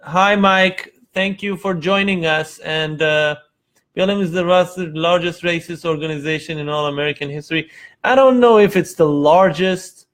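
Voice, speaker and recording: A man's voice: a little high, moderate pace. Iranian-born man hosting a live show. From Iran. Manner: animated storytelling, acts out quotes, frequent fillers. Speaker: host. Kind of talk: casual live-show chat.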